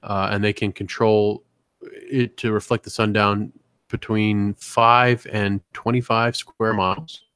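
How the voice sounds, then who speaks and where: A man's voice: on the low side, level tone, slow pace, a bit bright, smooth, dry recording, clean studio sound. A man co-hosting a podcast, chatting loosely with lots of fillers and swearing. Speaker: podcast co-host. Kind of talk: casual banter.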